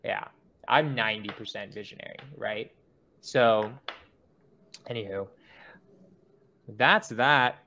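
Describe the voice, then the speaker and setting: A man's voice: fairly low pitch, takes it slowly, gravelly, long pauses, sharp tone, a little hiss or hum. A young man hosting a podcast, talking in a loose, rambling way with lots of fillers. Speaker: podcast host. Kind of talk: casual podcast chat.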